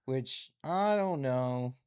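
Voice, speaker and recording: A man's voice: mid-range voice, expressive, very slow, darkish tone, smooth. A man hosting a live stream, casually chatting and reading headlines aloud with musing asides.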